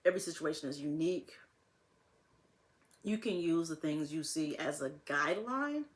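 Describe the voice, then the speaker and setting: A woman's voice: deep voice, expressive, normal speed. A young woman talking casually to camera as a vlogger, rambling and laughing often.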